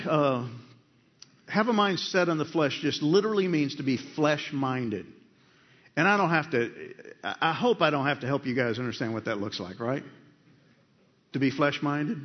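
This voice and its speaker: A man's voice: a little high, moderate pace. A male pastor preaching a conversational sermon in a church, asking the congregation questions as he goes. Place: church sanctuary. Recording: dull sound with long hall reverb.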